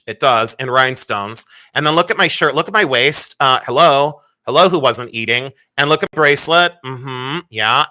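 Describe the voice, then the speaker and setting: A middle-aged woman hosting a live sale stream in a playful, rambling way. Her voice is bright and forward, and she pokes fun at herself. She talks casually to her viewers. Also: very deep voice. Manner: chatty, self-mocking, playful. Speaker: livestream jewelry sale host. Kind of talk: casual livestream chat.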